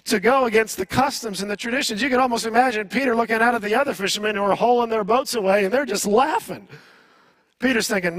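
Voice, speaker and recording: A male pastor with a notably high, fairly bright voice preaches in an easy, conversational way. He asks rhetorical questions and varies his pace to stress points, and his voice sounds close and dry, with no room echo.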